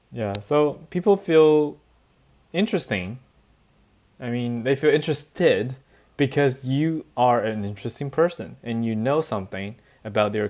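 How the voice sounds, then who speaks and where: A man's voice: medium pitch, a little mellow. Man giving a chatty lesson. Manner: chatty, says "right?" often, laughs lightly. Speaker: English teacher. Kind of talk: relaxed bilingual classroom lecture.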